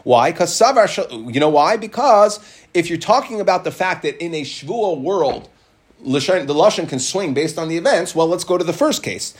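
A man teaching a lively Talmud class, explaining the text and acting out what people say. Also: a little high, normal speed. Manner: animated, acts out quoted speakers.

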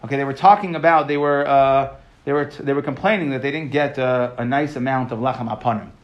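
A man teaching a Talmud class, reading each line and explaining it in casual, lively talk with modern asides. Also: medium pitch, fast, highs cut off. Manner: reads each phrase, then explains it casually.

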